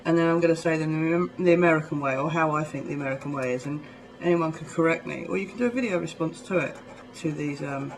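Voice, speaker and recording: A man's voice: fairly high pitch, quick pace, few pauses, rough recording. A man from near London with a southern English accent, vlogging in a casual, rambling way full of ums. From England, near London. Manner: rambling, chatty, full of ums and little laughs. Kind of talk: casual chat to camera.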